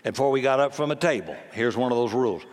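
Folksy seventy-year-old preacher in a big hall. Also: male voice, medium pitch, expressive, racing. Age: 70s. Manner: folksy, emphatic, acts out quoted voices. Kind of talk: sermon. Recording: long hall reverb.

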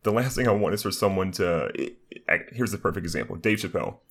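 Deep gravelly-voiced young man, upbeat. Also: fast, a bit bright. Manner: upbeat, rambling with frequent "like" fillers. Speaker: guest, streamer and content creator. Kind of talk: casual podcast conversation.

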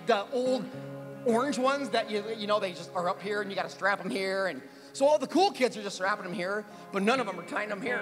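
High-voiced man preaching in a reverberant hall. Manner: animated, self-mocking, acts out his younger self in high squeals. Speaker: pastor. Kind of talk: sermon with personal storytelling. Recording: long reverb of a large hall.

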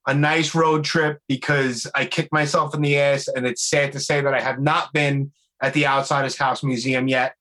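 Bright-voiced, profane podcast host. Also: male voice, mid-range voice, level tone, normal speed, few pauses, poor audio. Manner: profane, effusive and enthusiastic. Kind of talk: casual interview chat.

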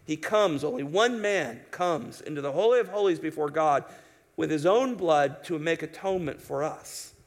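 A man's voice: a little high, moderate pace. A man preaching an expository sermon in an emphatic, conversational way, asking his listeners rhetorical questions. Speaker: pastor.

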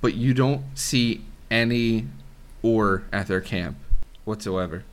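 A man's voice: on the low side, takes it slowly. A man acting as game master, narrating a tabletop game casually with many restarts. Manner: laid-back, laughing, full of restarts.

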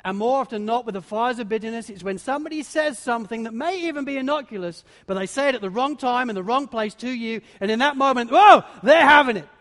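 A male pastor preaching a sermon, telling a story and swinging between hushed and loud for emphasis. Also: very high voice, quick pace, few pauses. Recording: long reverb of a large hall.

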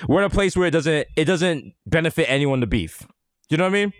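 Man, New York accent, podcast co-host, joking and profane, fairly high-pitched, dry sound. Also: animated, fast, no echo. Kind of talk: casual chat.

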